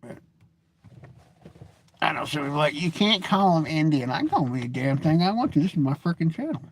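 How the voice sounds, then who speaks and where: Guy in his 40s rambling to his webcam, high-ish voice that jumps all over, blunt and jokey. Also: very animated, quick pace, a little hiss or hum. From United States. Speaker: vlogger. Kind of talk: casual rambling monologue. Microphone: webcam or phone camera, seated.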